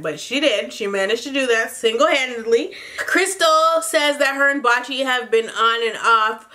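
A woman recapping a reality TV episode in casual, animated vlog talk, gossipy and profane, laughing often. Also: on the high side. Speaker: TV recap vlogger.

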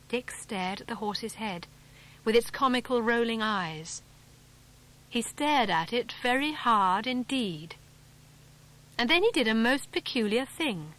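A woman's voice: animated, fairly bright tone. English woman reading a children's adventure story. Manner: voices the characters with small pitch lifts, clear and measured. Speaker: audiobook narrator. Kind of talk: scripted storybook narration.

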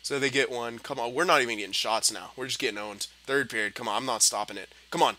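A young man giving gameplay commentary, frustrated and swearing, muttering low and then yelling at the game. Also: fast talker, few pauses. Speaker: gaming commentator.

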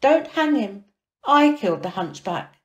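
A woman's voice: fairly high pitch, very animated, a little slow, highs cut off, voice pushed up. A woman voicing a grumpy, suspicious male steward in a storybook tale, blustering and accusing. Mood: pleading. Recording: echoey room.

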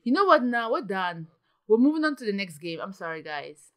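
Excitable woman commenting gameplay. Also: medium pitch, brisk. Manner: excitable, gasping, frequent exclamations. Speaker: gaming channel host.

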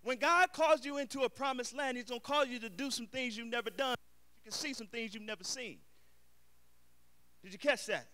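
A man preaching a sermon as the pastor of his church. He builds to shouted emphasis and calls out to the congregation, mixing casual street slang into his preaching. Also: extremely high pitch, fairly quick.

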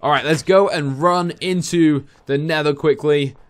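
A young man giving casual, excitable let's-play commentary while playing, talking back to the game's creatures. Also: a little high, measured pace, slight background noise. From England. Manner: excitable, jumpy, talks to game creatures. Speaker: gaming YouTuber.

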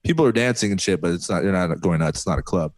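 Low-voiced man chatting on a podcast. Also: quick pace, no echo. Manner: laughs a lot, relaxed and chatty, swears casually. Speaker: podcast host and DJ. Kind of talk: casual podcast chat.

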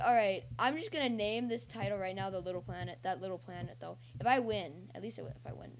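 A young woman casually commentating her own online gameplay as a channel host, rambling and breaking into excited yelps and cheers. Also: mid-range voice, fairly quick, hardly any pauses.

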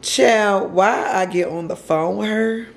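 A woman's voice: medium pitch, takes it slowly, gravelly. A woman vlogger telling a story to camera from home in a casual, emotional way, repeating herself and using slang.

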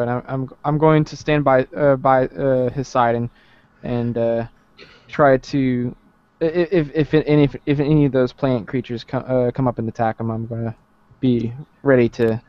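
A man speaks as a player in an online tabletop game, his words halting and full of fillers. His voice comes through a dull, lo-fi call mic. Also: medium pitch, level tone, a little mellow, clear, resonant tone, dry recording. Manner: hesitant, thinking aloud with many fillers. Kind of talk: casual tabletop game play.

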